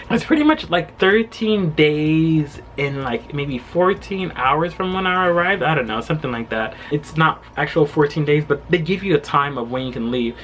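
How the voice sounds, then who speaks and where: A young man telling a travel story in a casual vlog from his home, animated and full of fillers. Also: mid-range voice, slight background noise. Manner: animated retelling with quoted voices, frequent fillers and laughs. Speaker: travel vlogger. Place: his home during quarantine.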